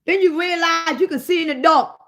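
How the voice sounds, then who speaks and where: High-voiced woman ranting, loud and profane. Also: brisk. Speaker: livestream host. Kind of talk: profane livestream rant.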